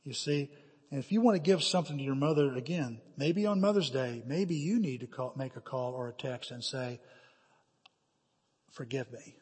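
A man's voice: mid-range voice, lively intonation, brisk, a little mellow, husky. A middle-aged man preaching a sermon as a pastor, telling personal stories with emphatic, dramatic quoted asides. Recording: hall reverb.

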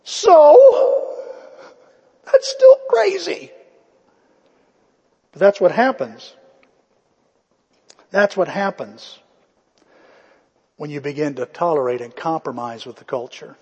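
A man's voice: medium pitch, measured pace, long pauses, breathy edge, long reverb tail. A male pastor preaching a sermon in a conversational storytelling way, acting out the quotes.

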